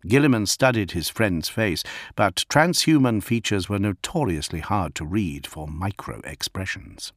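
A man reading an audiobook as narrator, steady and measured. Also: fairly low pitch, no echo, clean studio sound.

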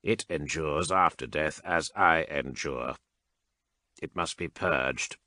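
A man's voice: rumbling low, no echo, voice pushed down, full character voice. A man voicing a mechanical cyborg priest. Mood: cold, detached. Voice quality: flat mechanical delivery. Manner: measured, clipped, unhurried formal speech. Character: cold mechanized male cyborg priest, emotionless and calculating. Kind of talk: audiobook character reading.

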